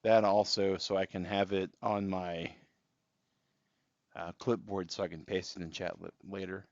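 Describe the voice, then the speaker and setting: A man streaming a video game and chatting casually with viewers, relaxed and rambling, with many fillers and restarts. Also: sits low, a little slow, no echo. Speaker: gaming livestreamer. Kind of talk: casual live-stream chat while playing. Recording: slightly dull stream audio with faint game music.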